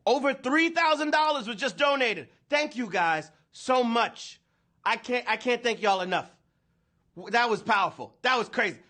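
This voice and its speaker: A man hosting a live trivia game show, energetic and playful, talking slangy to the players. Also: very high voice, normal speed. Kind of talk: hyped livestream hosting.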